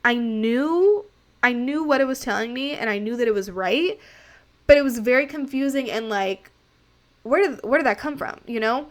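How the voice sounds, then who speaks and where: A woman's voice: a little high, lively intonation, moderate pace. A young woman in her late twenties hosts her own podcast. She tells a personal story in a candid, chatty way, often turning to her listeners as she talks. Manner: candid and chatty, addresses listeners as "you guys". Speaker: podcast host.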